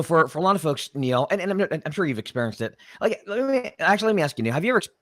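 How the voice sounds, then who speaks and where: A man's voice: medium pitch, fairly bright tone, no room sound, clean studio sound. A man hosting a live-stream show, joking with his co-host and troubled by a recurring cough. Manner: chatty, restarts often, jokes and teases. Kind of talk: casual live-stream chat.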